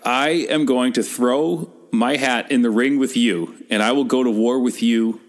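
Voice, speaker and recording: A man's voice: mid-range voice, fairly even intonation, measured pace. A man co-hosting a podcast, joking wryly and playfully defiant in casual banter. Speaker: podcast co-host.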